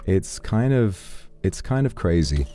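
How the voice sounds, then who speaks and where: A young adult man streaming a game, chatting casually and playfully, joking and stammering when excited. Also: sits low, takes it slowly, faint music behind.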